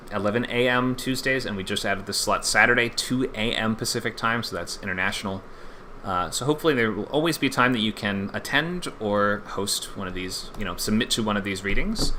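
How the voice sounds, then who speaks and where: A man's voice: on the low side, sharp tone, a little hiss or hum. A man hosting a live-streamed online screenwriting class, upbeat and chatty and laughing often.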